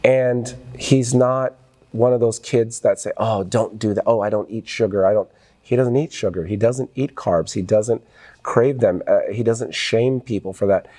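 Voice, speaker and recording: A man's voice: fairly low pitch, moderate pace, dark tone. A middle-aged man, a podcast guest, talking earnestly and with some emotion about his family in a casual interview.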